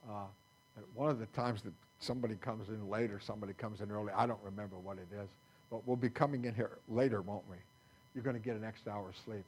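A man's voice: fairly low pitch, steady tone, fast talker, darkish tone, slightly rough, poor audio. A man pastor preaching a sermon in a folksy, conversational way, quoting scripture to his congregation. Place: church sanctuary.

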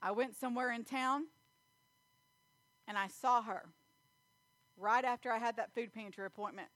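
A woman preaching a sermon in church, telling stories and acting out scenes with loud animated bursts. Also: on the high side, moderate pace, no echo. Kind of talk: sermon with storytelling.

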